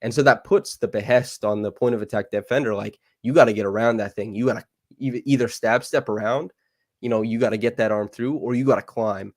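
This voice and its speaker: Hosting a live podcast, a man chats casually about basketball, giving an eager, detailed breakdown at a fast clip with plenty of fillers. His voice is medium in pitch, and there's no echo.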